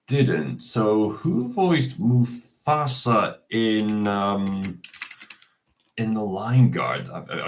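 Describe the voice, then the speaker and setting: Casual host, man, getting over a cold; slow, halting delivery, fairly low voice. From Scotland. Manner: hesitant, many fillers and restarts. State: recovering from a cold, coughing. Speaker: video host. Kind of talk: casual tribute talk.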